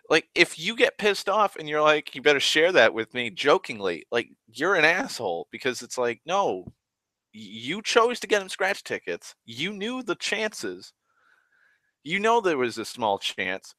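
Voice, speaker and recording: Animated, profane young man ranting. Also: on the high side, normal speed, no echo. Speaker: vlogger. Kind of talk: rambling casual monologue.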